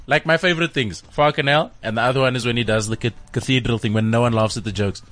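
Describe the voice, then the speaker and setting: A man's voice: mid-range voice, steady tone, fast, a bit bright. A man co-hosting a casual radio chat show, playful and jokey, sometimes singing silly bits.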